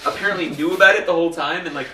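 A man telling animated anecdotes in casual chat, laughing often and putting on voices for people in his stories. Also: fairly high pitch, racing, very noisy. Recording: echoey room, mic at a distance.

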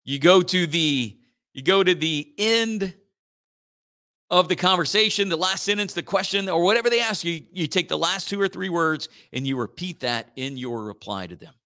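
A man's voice: sits high, lively intonation, moderate pace, bright, forceful tone. A man hosting a morning radio show, chatting in a rambling, joking way and slipping into playful robot voices. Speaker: radio host.

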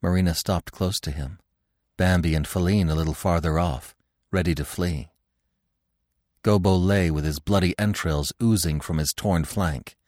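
A man narrating a classic story in an expressive, dramatic reading. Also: low voice, moderate pace, no room sound, studio quality. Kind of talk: scripted audiobook narration.

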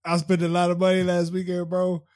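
A man's voice: sits high, completely flat delivery, brisk, crowd noise. A man co-hosting a podcast in casual chat, laid-back and joking, repeating himself for emphasis. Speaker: podcast co-host.

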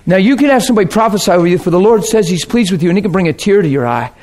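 A man preaching a personal testimony, telling the story with strong feeling and swinging between soft and loud delivery. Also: high voice, lively intonation, rapid-fire. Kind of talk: sermon testimony.

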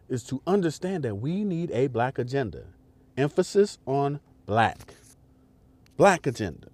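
A man's voice: medium pitch, mellow, no echo. A man hosting a podcast, delivering an emphatic, repetitive and profane political commentary straight to his listeners. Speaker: podcast host. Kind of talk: impassioned political commentary monologue.

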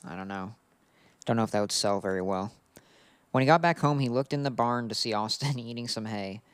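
A man's voice: mid-range voice, fairly quick, clean tone, no room sound. A man co-hosting a podcast, chatting casually and reading fan fiction aloud while often laughing. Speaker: podcast co-host.

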